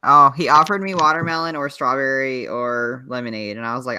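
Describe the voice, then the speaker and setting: A young man co-hosting a podcast, chatting casually, wry and quick to laugh. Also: mid-range voice, fairly even intonation, bright, forceful tone, smooth. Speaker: podcast co-host. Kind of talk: casual chat.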